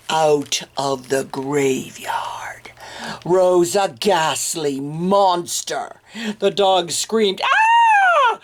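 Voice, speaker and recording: A woman reading a picture book aloud to children, expressive and adding little asides to her listeners. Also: lowish voice. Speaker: storytime reader.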